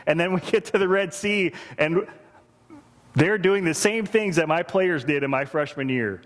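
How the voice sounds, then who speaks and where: A man's voice: fairly high pitch, unhurried, long pauses. Earnest man preaching in a reverberant church. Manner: earnest, repeats phrases for emphasis. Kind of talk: sermon. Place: church sanctuary.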